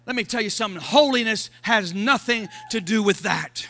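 A man preaching a sermon as pastor, shouting lines and calling for responses from the congregation. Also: sits high, moderate pace.

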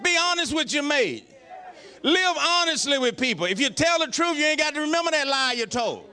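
A pastor preaching a folksy, joking sermon. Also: male voice, very high-pitched, sing-song, brisk, pushed and bright.

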